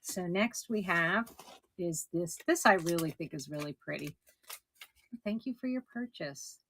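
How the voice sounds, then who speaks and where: A middle-aged woman running a casual live auction, chatty and somewhat hoarse as she loses her voice. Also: lowish voice, animated, a little slow, noisy background. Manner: chatty, describes items warmly with soft laughs. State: losing her voice. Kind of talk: casual live-stream selling.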